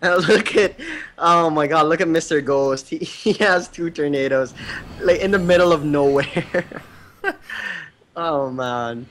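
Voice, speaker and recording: A man co-casts a game match in a voice a bit high for a man. He gets excited and laughs often. Faint noise is heard behind him. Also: takes it slowly. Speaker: co-caster. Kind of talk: casual game commentary.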